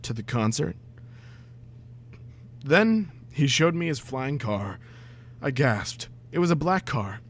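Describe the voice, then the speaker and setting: A young man reading a badly written story aloud, breaking off for sarcastic, exasperated asides and shouted outbursts. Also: mid-range voice, sing-song, takes it slowly, pauses often. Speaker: comedic reader. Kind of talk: dramatic reading with mocking commentary.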